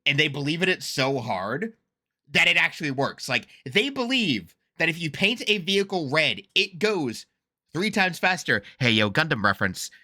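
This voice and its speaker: A man giving casual reaction commentary, excitable, laughing often and swearing freely. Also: on the high side, normal speed. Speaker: reaction streamer.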